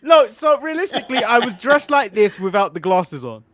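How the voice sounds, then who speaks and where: An English man in his thirties, a podcast co-host chatting casually and telling animated stories, laughing often. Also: very high voice, moderate pace. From England. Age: 30s. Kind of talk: casual chat.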